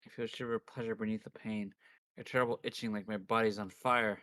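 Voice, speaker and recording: A man's voice: lowish voice, little pitch movement, quick pace, pushed and bright, no room sound. A man streaming a visual novel, reading its first-person narration aloud dramatically. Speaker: game streamer.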